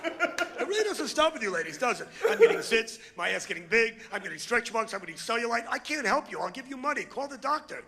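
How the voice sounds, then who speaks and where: A middle-aged man doing a brash, crude, ranting stand-up comedy routine on stage, with loud outbursts. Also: very high voice, sing-song, fast. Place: comedy stage before a live audience.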